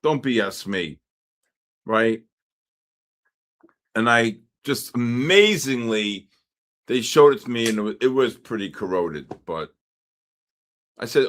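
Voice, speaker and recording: In a lowish, unhurried voice, this New York host runs a live trading stream. He keeps up a loose, rambling patter with wisecracks and lively stories between market calls, frequently breaking off to talk to chat.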